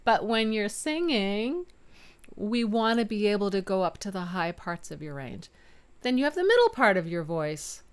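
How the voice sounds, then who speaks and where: A woman's voice: mid-range voice, smooth. A middle-aged woman voice teacher giving an upbeat video lesson in her home studio, sometimes singing to show her registers. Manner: upbeat, demonstrates chest and head voice by singing.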